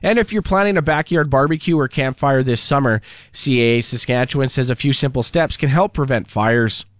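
A man reading local news and sports for a radio station in a steady, scripted way. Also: mid-range voice, fairly quick, no echo, clean studio sound. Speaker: radio newsreader. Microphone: studio mic.

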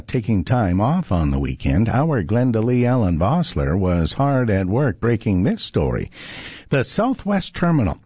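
A man's voice: medium pitch, slightly rough, no echo. A man hosting a morning radio show, reading farm news and chatting in an upbeat way. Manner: upbeat, lively delivery. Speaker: radio host.

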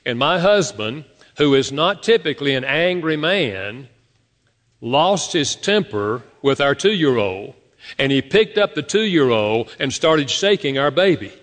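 A man preaching a sermon, telling stories and speaking directly to his congregation with lively emphasis. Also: a little high, a little slow. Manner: animated storytelling preacher, addresses congregation directly. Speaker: pastor. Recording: long hall reverb.

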